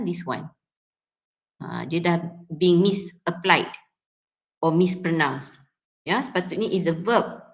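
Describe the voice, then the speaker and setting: A young woman with a Malaysian English accent giving a classroom lecture on word stress. She talks through examples step by step, with frequent fillers and self-corrections. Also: fairly low pitch.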